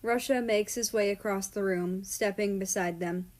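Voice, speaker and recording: A woman reading a story aloud in a calm, steady narration. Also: mid-range voice, normal speed. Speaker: story reader. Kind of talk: reading fan fiction aloud.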